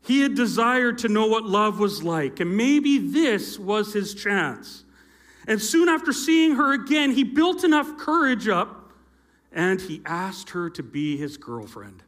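A man's voice: high voice, big pitch swings, a little slow, fairly bright tone. A middle-aged man, a youth pastor, telling a story in a sermon from a church stage, with playful asides to his listeners. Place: church stage with a live audience. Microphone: handheld or stage mic with feedback.

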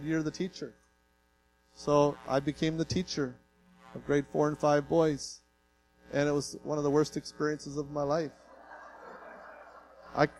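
A man from Canada preaches in an earnest, folksy sermon style, his voice sitting a little high for a man. He tells plain stories and jokes at his own expense before pressing his point with feeling. A faint electrical hum runs under the recording. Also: a little mellow, poor audio. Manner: earnest, folksy, emotional, self-deprecating humor. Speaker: pastor.

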